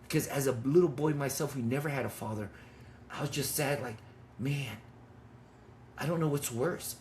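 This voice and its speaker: A man in his fifties who leads a men's ministry tells a personal story in conversation, speaking intensely and bluntly with swearing. His voice is medium-pitched and somewhat dark at a normal speed, with slight background noise.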